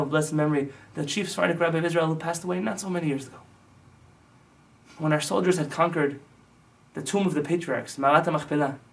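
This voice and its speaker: A man's voice: a little high, recorded from a distance. A male rabbi giving a sermon-like teaching, telling stories with impassioned, emphatic build-ups. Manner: impassioned storytelling that swells into emphatic lists.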